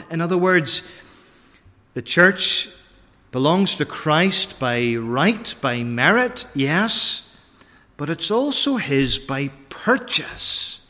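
A man preaching a sermon, deliberate and repeating key phrases for emphasis, recorded in a church. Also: on the high side, big pitch swings, bright, forceful tone. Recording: long reverb of a large church.

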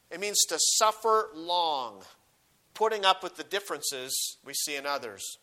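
A man's voice: high-pitched, animated, unhurried, pushed and bright. A man preaching a sermon, reading scripture aloud with rising emphasis and explaining it, often restarting and repeating words.

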